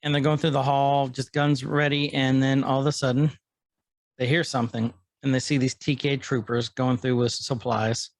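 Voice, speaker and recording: A man's voice: medium pitch, level tone, moderate pace, no room sound. A man co-hosting a podcast, casually retelling episode scenes and quoting the characters. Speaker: podcast co-host.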